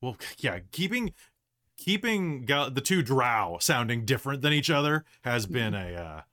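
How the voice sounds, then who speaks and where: A man's voice: mid-range voice, big pitch swings, normal speed, sharp tone. A man running a tabletop game, talking casually on a podcast and rambling with frequent restarts. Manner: rambling, many fillers and restarts. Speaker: game master.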